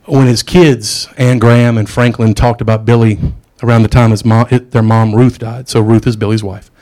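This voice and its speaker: A man's voice: mid-range voice, flat delivery, moderate pace, warm tone. A middle-aged man preaching a sermon in a casual, conversational way, with asides and jokes.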